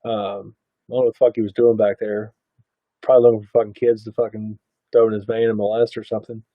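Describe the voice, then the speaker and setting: A man's voice: fairly low pitch, quick pace, no echo, dull audio. A man co-hosting a casual podcast, rambling through a crude childhood story full of swearing. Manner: relaxed, profane, rambling storytelling. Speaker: podcast co-host.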